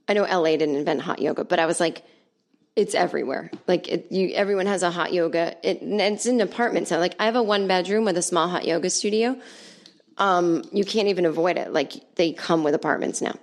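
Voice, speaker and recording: A woman's voice: medium pitch, moderate pace. A woman from Los Angeles telling a comedy story at home on her podcast, chatty and sarcastic and swearing freely.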